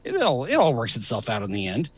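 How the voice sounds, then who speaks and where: A man's voice: mid-range voice, huge pitch swings, quick pace, fairly bright tone, husky. A middle-aged man hosting a casual comedy chat, rambling with fillers and laughing often. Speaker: host.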